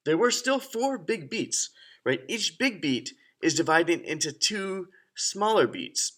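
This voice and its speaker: Man, music teacher, kids' lesson, lively sing-song delivery, fairly high voice, faint noise. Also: measured pace. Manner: upbeat, counts and chants rhythms aloud.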